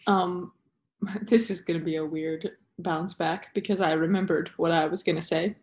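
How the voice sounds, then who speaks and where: A woman's voice: on the low side, fairly even intonation, normal speed, darkish tone. A woman hosting a podcast in casual chat, rambling and laughing as she jumps between stories. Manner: rambling, laughing, self-interrupting. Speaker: podcast host.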